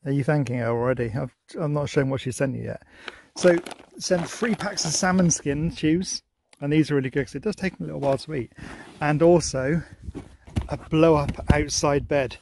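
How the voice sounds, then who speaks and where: Cheery young bloke, chatty dog-owner vlogger, slightly high voice, laughs a lot. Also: male voice, fairly even intonation, normal speed, a little mellow, slight background noise. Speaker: dog owner thanking viewers for gifts. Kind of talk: casual vlog chat to camera and dog.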